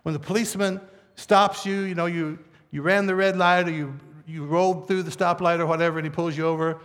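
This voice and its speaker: A male pastor delivers his sermon in a relaxed, conversational way, slipping in jokes and asides to the congregation. His voice sits high. The long reverb of a large church hall trails after every phrase. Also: brisk. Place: church sanctuary.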